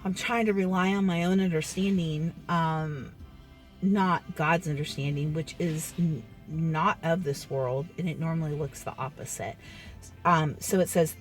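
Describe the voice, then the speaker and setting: Woman rambling into her vlog from a parked car, lots of um, kinda low voice, faint music in the back. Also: steady tone, unhurried. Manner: rambling, many fillers, reflective and candid. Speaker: vlogger. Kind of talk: casual faith vlog chat.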